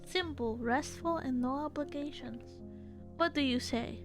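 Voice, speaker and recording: A woman reading out the lines of a gentle, patient man who runs a tea shop, in a soft, unhurried way. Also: high voice, over music. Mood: calm. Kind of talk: reading game dialogue aloud.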